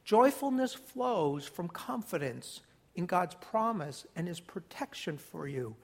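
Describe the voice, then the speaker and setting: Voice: medium pitch, lively intonation, takes it slowly, creaky, slightly rough. A pastor preaching a sermon to a congregation, emphatic and encouraging, leading the church in repeating a phrase back. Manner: emphatic, leads congregation in call-and-response.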